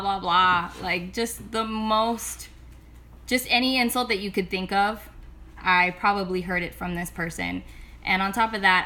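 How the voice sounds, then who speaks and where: A woman's voice: medium pitch, sharp tone. A young woman, a singer-songwriter, talking candidly in a casual confessional vlog with a chatty style full of "like" fillers.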